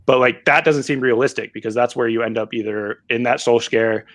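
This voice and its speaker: A man of middle pitch on a football podcast, thinking aloud. He hedges and restarts, circling his point before landing it. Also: fairly even intonation, fairly quick, a bit bright, no echo. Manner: hesitant, many likes and restarts, reasoning aloud. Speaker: podcast co-host. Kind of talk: casual chat.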